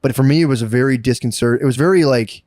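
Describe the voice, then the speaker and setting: Fast talking podcast guy, rambling swear-heavy stories, dry close mic. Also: mid-range voice, a little mellow, dry recording. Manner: rambling storyteller, acts out voices, swears a lot. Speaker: podcast co-host. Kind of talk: casual podcast chat.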